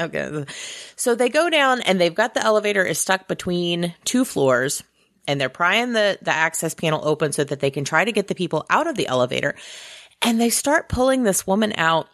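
A woman's voice: lowish voice, very animated, fairly quick, a bit bright, no room sound, studio quality. A young woman co-hosting a casual movie recap, sarcastic and swearing, acting out lines from the film. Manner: sarcastic, swears, acts out quotes in voices. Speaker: podcast co-host.

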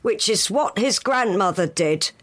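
A woman's voice: medium pitch, expressive, a little slow, a bit bright. A woman speaking as a royal correspondent on a comic radio show, pompous and theatrical.

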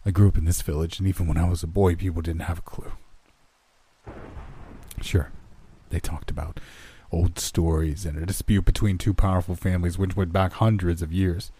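A man voicing a grieving old farmer in a horror story reading, speaking in a hushed, quivering way. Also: sits low, fairly even intonation, normal speed, pauses often, slight background noise, lightly acted. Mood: sorrowful. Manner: hushed, quivering with held-back grief. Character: grieving old male farmer, haunted and secretive.

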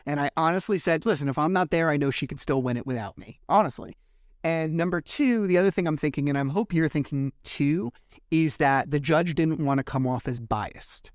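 In clean studio audio with no echo, a podcast host with a slightly high voice and brisk delivery recaps events in a casual monologue. He tells it animatedly, acting out quoted exchanges and swearing now and then.

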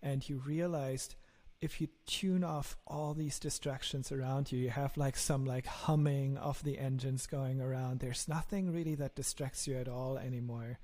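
A man's voice: medium pitch, fairly even intonation, normal speed, warm tone. A man with a German accent, a startup founder talking earnestly as a guest in an interview, often repeating words as he starts a sentence. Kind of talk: casual interview talk.

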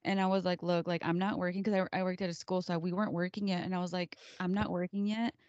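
A woman in her thirties chats casually on a podcast, spinning animated stories and slipping into her kids' voices. The sound is dry and a little dull. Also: fairly low pitch, fast talker, no room sound. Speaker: podcast co-host. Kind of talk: casual chat.

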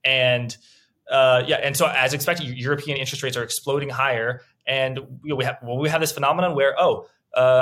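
Animated young male interview host. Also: mid-range voice. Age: young adult. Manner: animated, quick bursts, stammering repeats. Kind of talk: finance interview, questioning.

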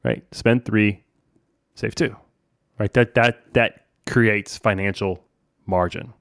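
A man in his forties hosts a podcast and talks through money tips in a loose, chatty way, checking in with "right?" as he goes. His voice sits fairly low. The sound is dry and close. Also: steady tone, takes it slowly, a bit bright, dry recording. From New Orleans. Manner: chatty, conversational, says "man" and "right?" often. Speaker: podcast host. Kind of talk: casual financial advice talk.

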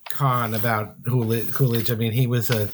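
Male author guest, mid-pitched voice, measured and halting, thinks aloud with frequent pauses. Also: flat delivery, a little hiss or hum. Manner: halting, with many pauses and restarts. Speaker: author being interviewed. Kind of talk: thoughtful interview answers.

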